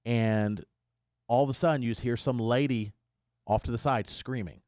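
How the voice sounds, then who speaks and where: A man's voice: medium pitch, normal speed, clear, resonant tone, dry recording. A man hosting a morning radio show, telling a story in casual studio chat and acting out the quotes. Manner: animated storyteller who acts out quotes. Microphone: studio microphone.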